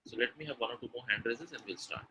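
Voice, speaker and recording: A man's voice: mid-range voice, fast talker, sharp tone, a little hiss or hum, rough recording. A man with an Indian English accent teaching pronunciation in a live online webinar, drilling sounds by repetition. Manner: drills sounds by repeating them, urges chat replies. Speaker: spoken English trainer.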